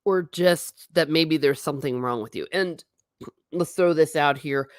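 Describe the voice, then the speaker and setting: A woman's voice: low voice, measured pace, dry recording, studio quality. A young adult woman hosting a casual livestream, rambling and chatting as she reacts to her viewers' comments. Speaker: livestream host reading chat.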